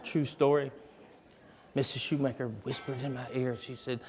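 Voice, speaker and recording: Rich: A man speaking to educators, telling his own story in a heartfelt, dramatic way. His voice sits at an ordinary middle pitch and rings with the long reverb of a large hall. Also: level tone, moderate pace, darkish tone. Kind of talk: motivational personal testimony.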